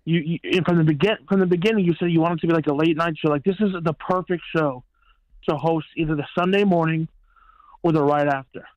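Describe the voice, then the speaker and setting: A man's voice: fairly high pitch, fairly even intonation, fast talker, no room sound, highs cut off. Blunt, profane man on the line. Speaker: caller and regular. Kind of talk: casual chat.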